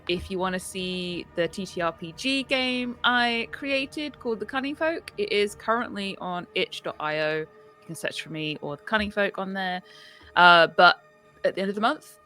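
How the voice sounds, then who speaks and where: A woman's voice: medium pitch, lively intonation, moderate pace, sharp tone, soft background music. A woman player introducing herself and her game projects in chatty, upbeat talk. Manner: chatty, upbeat, many fillers. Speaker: tabletop game player and designer. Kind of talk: casual chat, self-introduction.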